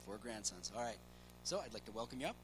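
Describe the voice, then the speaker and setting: A man's voice: on the low side, sing-song, quick pace, background noise. A man in church introducing the guest preacher, a little hesitant. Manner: hesitant, with fillers. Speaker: church member introducing the speaker. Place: church sanctuary.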